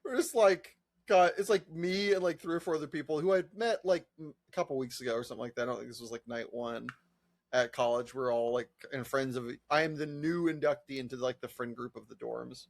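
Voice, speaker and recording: A man's voice: mid-range voice, steady tone, brisk. A young man co-hosting a podcast, telling stories, giggling often and acting out voices. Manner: giggly, breaks into laughter, acts out voices in stories. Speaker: podcast co-host. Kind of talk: casual chat and storytelling.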